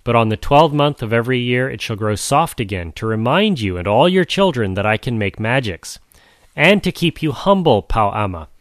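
A man's voice: medium pitch, expressive, moderate pace, no room sound, studio quality, close to an everyday voice. A man voicing a stern, commanding old male magician in a storybook reading, who hands down decrees.

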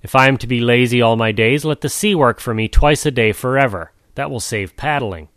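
Man doing a lazy grumbling man, storybook, quiet, dry sound. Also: mid-range voice, fairly quick, no echo, close to an everyday voice. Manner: complaining.

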